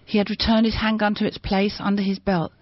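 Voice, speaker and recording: A woman giving a measured, expressive reading of a memoir, rising to shouts at the climaxes, on a dry, muffled recording. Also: mid-range voice, no echo. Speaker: reader of a translated memoir. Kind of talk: dramatic book reading. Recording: dull, dry, muffled sound.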